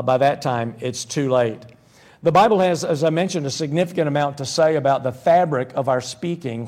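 A man's voice: fairly high pitch, darkish tone. A man preaching a sermon in a conversational, folksy way, with humorous one-liners and frequent restarts.

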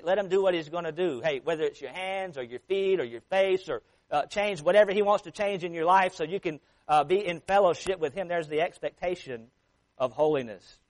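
A pastor preaches by first reading scripture aloud slowly and with emphasis, then explaining it in plain, conversational terms, frequently restarting. His voice is fairly high and the recording is rough.

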